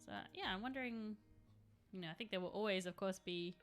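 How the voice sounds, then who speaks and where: A woman's voice: medium pitch, a little fast, soft background music. A woman in her thirties chatting casually on a live stream, rambling and answering chat while she paints miniatures.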